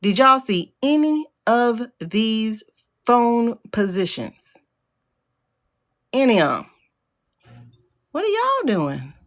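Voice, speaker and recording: Woman streamer, AAVE, incredulous running commentary, voice swings high and low. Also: big pitch swings, slow pace, pauses often. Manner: incredulous, talks back at the screen. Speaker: livestream host. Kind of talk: casual livestream commentary.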